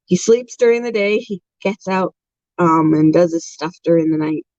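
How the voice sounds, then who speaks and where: A woman's voice: on the low side, normal speed, darkish tone, no room sound. A woman hosting a casual pet vlog, chatty and laughing often as she walks around her animal cages at home. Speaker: pet channel host. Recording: dull lo-fi, dry sound.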